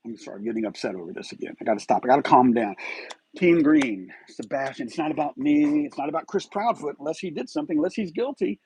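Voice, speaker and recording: A man's voice: a little high, expressive, fast, a little mellow, husky, low-quality recording. A man hosting a live stream of true-crime commentary, agitated and firing rhetorical questions.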